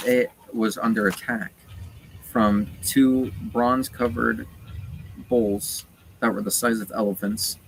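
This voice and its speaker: A man's voice: fairly low pitch, a bit bright, rough recording. A man casually retelling a story while playing a game, rambling with lots of fillers. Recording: noticeable background noise.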